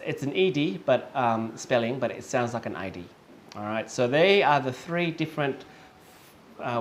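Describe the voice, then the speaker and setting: A man teaching English, speaking slowly and patiently, repeating example words several times and checking in with "okay?" often. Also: mid-range voice, slight background noise. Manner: slow and patient, with many fillers and checks of "okay?". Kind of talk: online lesson.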